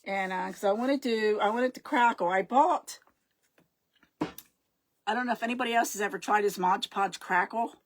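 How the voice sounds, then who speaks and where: A woman's voice: medium pitch, moderate pace, long pauses. A middle-aged woman hosting a casual live craft stream, rambling and chatty, often losing her words and greeting her viewers.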